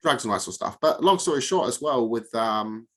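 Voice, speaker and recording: A man's voice: mid-range voice, animated, brisk. A man in a casual chat, telling stories and laughing at them. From Australia. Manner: chatty, laughs at own stories. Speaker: guest.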